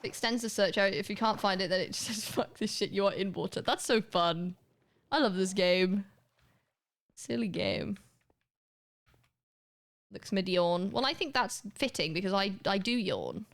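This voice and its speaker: A young woman talks to her viewers while she plays a game. Her talk is loose and chatty, with a laugh close at hand and the odd swear word. Her voice sits at a middle pitch. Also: expressive, moderate pace, fairly bright tone. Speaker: live streamer. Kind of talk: casual gaming livestream chat.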